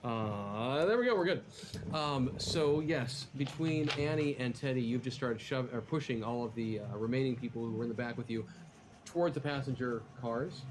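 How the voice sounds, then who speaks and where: A man's voice: mid-range voice, moderate pace. Man, game master, laid-back, frequent ums, light noise behind. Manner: relaxed, laughs easily, hesitant fillers. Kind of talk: running a tabletop game.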